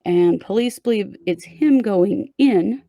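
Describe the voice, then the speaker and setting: A woman's voice: mid-range voice, expressive, slow, warm tone, no room sound. A woman hosting a true crime show, casually walking her co-host through a case step by step. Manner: conversational, recounts events step by step.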